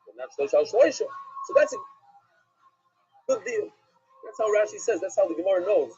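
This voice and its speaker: Animated high-voiced rabbi teaching Talmud. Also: male voice, moderate pace, slight background noise. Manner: animated, questioning and emphatic. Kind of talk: Talmud class lecture. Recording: dull lo-fi recording with faint music.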